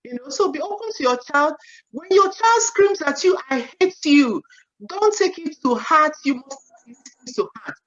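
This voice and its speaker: Woman in her forties, a seminar speaker on parenting, lively and chatty, acts out quotes, high voice. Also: moderate pace. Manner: animated, acts out parent and child quotes, frequent "you know". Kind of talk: parenting talk. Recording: dull lo-fi sound.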